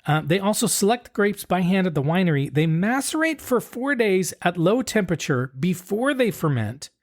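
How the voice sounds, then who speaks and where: A man's voice: high voice, sing-song, moderate pace. A man co-hosting a podcast in casual chat, explaining things in a laid-back, detailed way. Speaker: podcast co-host.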